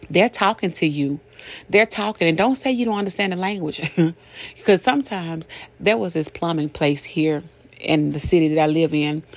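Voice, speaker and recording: A woman's voice: low voice, a little mellow. An older woman giving a casual inspirational talk, folksy, repetitive and emphatic, often laughing. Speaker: motivational speaker.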